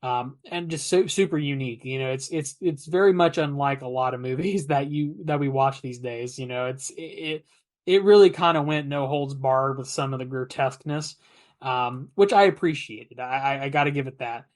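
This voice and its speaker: On a podcast, a male co-host chats casually and rambles, packing his speech with fillers and restarts. His voice is mid-range and moves at normal speed.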